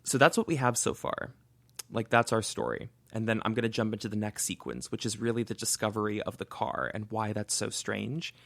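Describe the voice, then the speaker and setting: A man's voice: lowish voice, little pitch movement, a little fast, vocal fry, no room sound. A man co-hosting a true-crime podcast, thinking aloud as he retells a case in casual chat. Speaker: podcast co-host.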